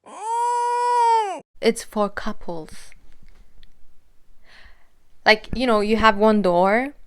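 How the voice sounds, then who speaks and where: A young woman vlogger telling a story in casual chat, animated, exclaiming and swearing. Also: medium pitch, slow pace, smooth.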